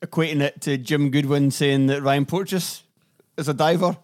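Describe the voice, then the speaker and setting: A man's voice: on the high side, steady tone, normal speed, a little mellow. A Scottish man co-hosting a podcast in easygoing, agreeable casual chat. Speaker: podcast co-host.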